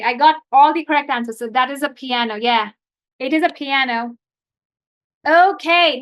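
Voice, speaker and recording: A woman's voice: sits high, fairly bright tone. A young adult woman tutor giving a live online English lesson, chatty and explanatory with many asides.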